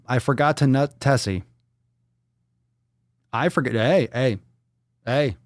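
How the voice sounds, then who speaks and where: A man's voice: medium pitch, slow pace. A man hosting a fitness livestream in casual banter, playful and theatrical, swearing freely. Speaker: livestream fitness show host.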